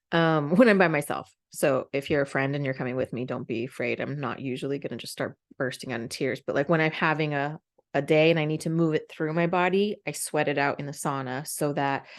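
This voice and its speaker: A woman in her forties, a podcast host, telling a candid, emotional personal story with many fillers. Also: low voice.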